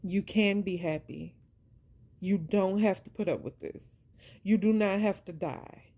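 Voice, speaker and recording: A warm, medium-pitched voice unfolds unhurriedly as a vlogger shares her story of faith and surviving abuse. Passionate and preacher-like, she repeats points for emphasis and speaks to listeners as "y'all." The monologue is heartfelt and faith-based, and her fraying voice brings her near tears.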